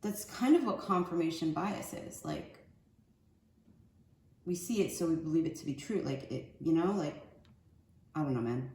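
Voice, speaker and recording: A woman with a deep, animated, darkish voice speaks at a moderate pace with long pauses. She's a spiritual card reader giving a casual oracle card reading in a loose, rambling, slangy style, recorded in an echoey room with faint ambient noise.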